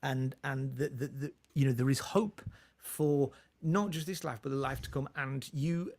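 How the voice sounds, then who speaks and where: A man's voice: mid-range voice, fairly even intonation, normal speed, a little mellow. A man in his forties, a comedian guest, telling a personal story in a rambling way, with many restarts and laughs. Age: 40s. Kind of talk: relaxed storytelling in conversation.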